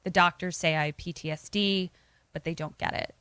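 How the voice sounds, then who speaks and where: A woman voicing a grieving young widow, speaking in a quiet, confessional way. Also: lowish voice, fairly even intonation, a little fast, clear, resonant tone, dry recording, natural voice.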